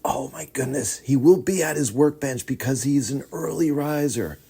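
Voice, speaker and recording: A man voicing an eager young heroine from a storybook, raising his voice high. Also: moderate pace, vocal fry, warm tone, husky.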